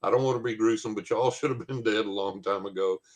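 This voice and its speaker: A man's voice: fairly low pitch, fast talker. A man, telling a long personal story as a guest, with lots of fillers and quoted dialogue. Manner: rambling anecdote with many fillers and quoted dialogue. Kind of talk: casual storytelling.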